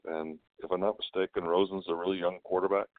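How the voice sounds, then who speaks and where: Brief: very deep, fast-talking, contrarian co-host on a tinny phone-like line. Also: male voice, flat delivery, no echo. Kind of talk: casual sports radio banter.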